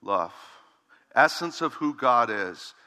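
Bright-voiced middle-aged man preaching in a hall. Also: mid-range voice, lively intonation. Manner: emphatic preaching, slows and stretches key words. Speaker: pastor. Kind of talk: sermon.

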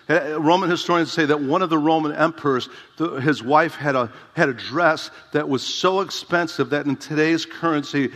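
A man's voice: a little high, a bit bright. A man preaching a sermon as a pastor, emphatic and conversational, often asking the congregation rhetorical questions. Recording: reverberant hall.

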